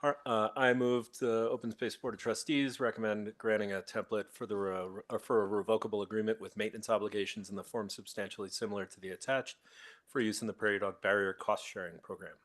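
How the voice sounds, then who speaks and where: A man with a very low voice speaks as a board trustee. He questions procedure in a halting manner, stopping and restarting his sentences. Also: steady tone. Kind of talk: procedural meeting talk. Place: city board meeting room.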